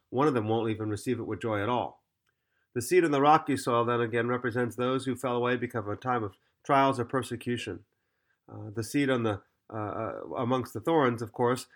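A man teaching through a Bible passage as a podcast preacher, earnest, often pausing on fillers and restarting his phrases. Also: medium pitch.

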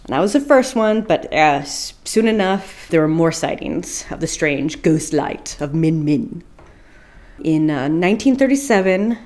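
On a chatty podcast, a female co-host with a slightly low, somewhat mellow voice meanders through a spooky tale. Her storytelling is casual and profane, and she laughs whenever she trips over her words.

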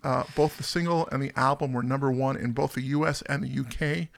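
A man's voice: mid-range voice, fairly even intonation, a little fast, creaky. A man from the US East Coast hosting a song countdown podcast, chatting casually with jokey, rambling asides. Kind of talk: casual chat.

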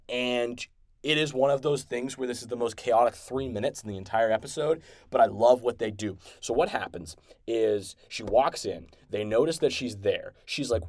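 A man hosting a podcast, excitedly recapping and reviewing an episode in a rambling, casual way with many restarts. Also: mid-range voice, no echo. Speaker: podcast host.

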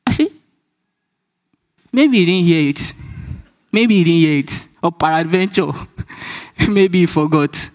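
A man's voice: sits high, slow, pauses often. A man with a Nigerian accent preaching a sermon, telling stories, acting out dialogue and laughing often. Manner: animated storytelling, acts out dialogue, laughs often.

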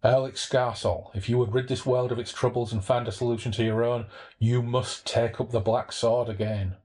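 A man reading as the booming voice of a floating chalice. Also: fairly even intonation, darkish tone, lightly acted. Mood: solemn. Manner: slow, solemn commanding delivery. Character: booming disembodied voice of a golden chalice.

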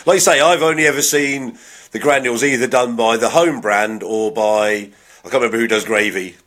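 A man co-hosting a casual podcast chat, relaxed and agreeable, mostly reacting in short remarks. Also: mid-range voice, brisk. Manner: relaxed, agreeable, brief interjections. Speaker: podcast co-host.

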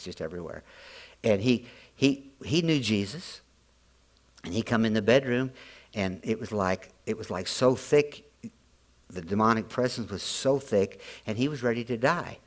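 A middle-aged man preaching a sermon as pastor, telling stories in a folksy way, often repeating and restarting his words. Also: lowish voice.

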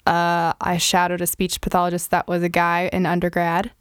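A woman's voice: fairly low pitch, completely flat delivery, normal speed, clear, resonant tone, dry recording. Chatty young woman co-hosting a podcast. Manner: chatty, laughs easily, teasing. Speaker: podcast co-host. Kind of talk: casual chat.

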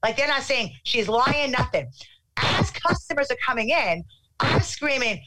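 A middle-aged woman telling a casual anecdote in an animated way, acting out what people said. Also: sits high, measured pace, heavy background noise. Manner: animated, acts out quotes.

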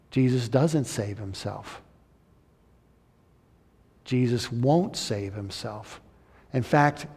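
A man preaching a sermon as pastor, moving between impassioned emphasis and hushed, near-whispered appeals. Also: mid-range voice, husky. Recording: long hall reverb.

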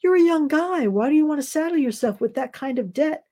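A woman's voice: high-pitched, lively intonation, a little fast, dark tone, pitched above the performer's own voice. A woman reading as a cynical, coarse fisherman. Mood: lecturing. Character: gruff bitter older male fisherman, storyteller.

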